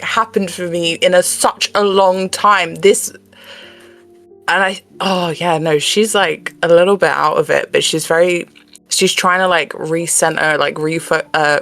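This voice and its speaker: A player in a tabletop game who talks in a casual, animated way and rambles with a lot of "like". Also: medium pitch. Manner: animated, rambling, laughing often.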